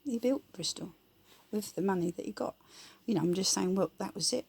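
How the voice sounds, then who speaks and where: A woman's voice: medium pitch, brisk, creaky, darkish tone, slightly rough. A woman giving her blunt, rambling opinions in casual, colloquial talk.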